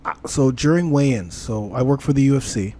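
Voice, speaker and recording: On a casual fitness podcast, the host, a man with a warm, medium-pitched voice, tells stories animatedly and fairly quickly, swearing freely. There's faint background noise in the recording.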